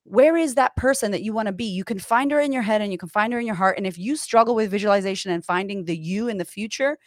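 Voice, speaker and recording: A woman's voice: medium pitch, quick pace, no echo, studio quality. A woman in her thirties, a coach and author of Puerto Rican heritage, chatting on a podcast in an emphatic, profane, motivational way. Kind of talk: casual podcast chat.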